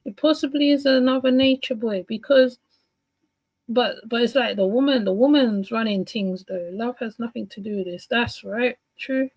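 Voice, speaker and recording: A woman's voice: on the high side, moderate pace, darkish tone, no echo, poor audio. A woman commentating casually on a video clip, rambling and chatty. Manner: rambling, chatty, many fillers and restarts.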